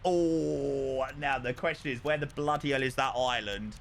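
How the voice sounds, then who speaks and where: A man streaming live, chatting casually and excitably with his viewers and swearing now and then. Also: mid-range voice, moderate pace, creaky, slight background noise. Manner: excitable, swears, talks to chat.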